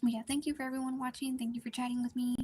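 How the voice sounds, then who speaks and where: A young woman chatting casually on a live art stream, talking quietly and rambling with many likes and restarts. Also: flat delivery, racing. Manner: speaks quietly at low volume, partly whispering. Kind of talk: casual live-stream chat while drawing.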